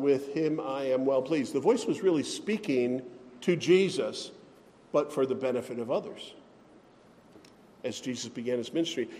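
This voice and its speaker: A man preaching a sermon as pastor, speaking slowly and deliberately and giving scripture readings extra weight. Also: medium pitch, a little mellow, long reverb tail.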